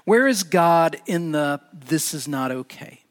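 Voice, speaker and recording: A male pastor delivers a sermon in a slightly high voice, animated and building to emphatic peaks. His words ring out with a long reverb, as in a large hall. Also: takes it slowly.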